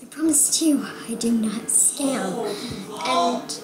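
A young woman vlogging about a game, excitable and rambling, often dropping to a whisper. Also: on the high side, slow, a loud crowd. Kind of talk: casual gaming vlog. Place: home room. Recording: echoey room with background noise. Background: TV sports broadcast playing.

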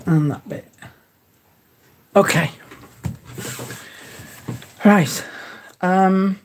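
A woman's voice: lowish voice, fairly even intonation, extremely slow, long pauses, a little mellow, a little hiss or hum. A woman hosting a casual craft tutorial livestream, chatting as she works and greeting viewers in the live chat by name.

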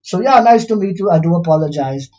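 A gamer giving casual, animated commentary while playing and talking to the game. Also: medium pitch, brisk, dull audio. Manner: animated, exclaiming, talks to the game. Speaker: gamer streamer.

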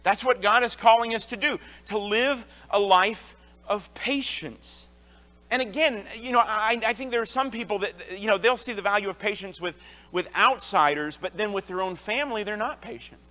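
An earnest man in his thirties preaching to a congregation, telling stories from his own life. His voice sits high for a man and rings bright and forceful, and he stumbles and restarts as he goes. The church hall adds a long reverb behind him. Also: moderate pace. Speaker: associate pastor. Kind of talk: sermon. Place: church sanctuary.

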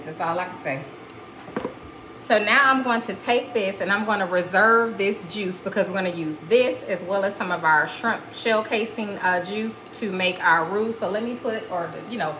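This cooking show host chats her way through a live demo from her own kitchen, folksy and warm with plenty of "honey" and "y'all." The recording is rough with slight hiss or hum, and her medium-pitched voice has a fairly bright tone.

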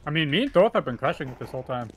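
A man's voice: a little high, sing-song, very fast, a bit bright, slight background noise. A man playing a shooter with friends, teasing and bantering in casual chat. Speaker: gamer playing with the streamer.

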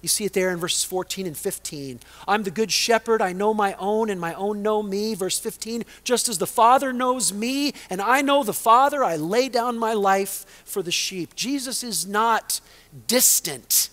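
A male pastor preaching a sermon, swinging between loud emphasis and hushed, dramatic lines. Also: high voice, normal speed, few pauses.

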